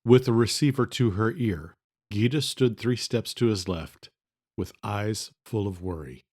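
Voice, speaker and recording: A man narrating a horror thriller in a measured, even storytelling manner. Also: fairly low pitch. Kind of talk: scripted audiobook narration.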